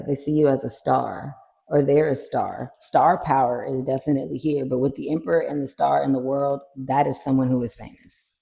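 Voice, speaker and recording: A tarot reader chatting casually through a card reading, animated and swearing freely. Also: medium pitch, gravelly. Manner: animated, swears freely, acts out little scenes.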